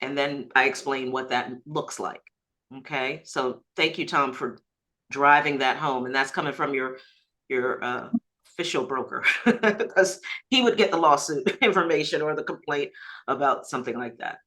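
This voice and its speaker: A woman broker runs a group coaching session over a video call. Her voice is bright and forward, and her delivery is emphatic and animated, with easy laughter. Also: a bass voice, normal speed, low-quality recording. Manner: emphatic, lively, laughs easily. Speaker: managing broker leading a training call.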